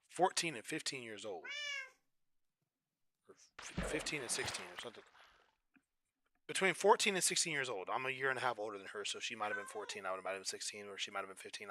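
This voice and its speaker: A young man streaming, telling a story in an animated, exasperated way. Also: mid-range voice, brisk, long pauses. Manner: animated, exasperated, rising to outrage.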